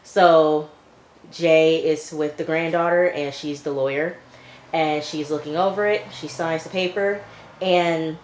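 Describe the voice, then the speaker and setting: Brief: deep-voiced woman reviewer, chatty offhand recap, echoey room. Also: steady tone, a little slow, a little mellow, slight background noise. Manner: chatty, loose retelling full of "like" and "you know". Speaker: TV episode reviewer. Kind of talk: casual episode recap.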